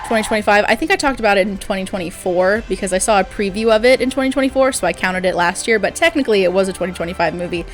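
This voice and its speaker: Brief: woman host, casual chatty film commentary, mid-pitched, easy fillers. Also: fast, music in the background. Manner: chatty, frequent fillers, laughs easily.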